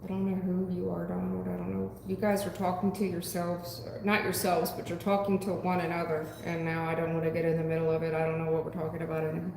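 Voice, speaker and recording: A woman giving a live tarot reading, blunt and profane, talking back to her chat in an animated way. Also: fairly low pitch, fast talker, vocal fry, few pauses. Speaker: tarot reader. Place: home room. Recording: echoey room with long reverb, faint noise.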